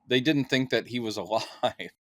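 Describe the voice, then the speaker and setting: A man's voice: mid-range voice, normal speed, a bit bright, no echo. A man talks through a film in an easy, chatty way. He slips into playful voices when he quotes the characters. His voice sits in a middle register and is recorded dry and close. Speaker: film reviewer. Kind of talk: casual movie review chat.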